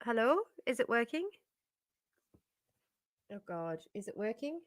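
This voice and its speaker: A woman's voice: fairly high pitch, sing-song, unhurried, dry recording, clean studio sound. A woman hosting a stream, ranting in exasperation and swearing as she reacts to the news. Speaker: streamer host.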